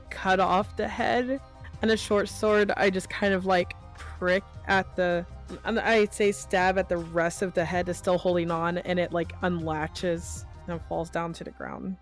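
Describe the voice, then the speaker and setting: A tired woman playing in a tabletop game, adding up her dice rolls out loud. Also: on the low side. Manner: unhurried, tallies dice out loud. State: tired, yawning. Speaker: player. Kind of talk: tabletop game play, casual chat.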